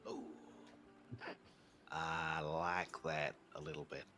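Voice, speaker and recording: A man's voice: a bass voice, flat delivery, slow pace, pushed and bright, soft background music. A man playing a senior deputy in an online roleplay, joking and self-mocking with the others. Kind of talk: in-character roleplay chat.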